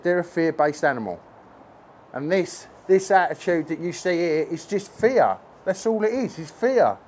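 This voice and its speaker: A man's voice: high-pitched, a little mellow, slight background noise. A man working as a horse trainer, talking to camera at a stable while handling a horse, earnest and emphatic, repeating his points, recorded on a phone on a tripod.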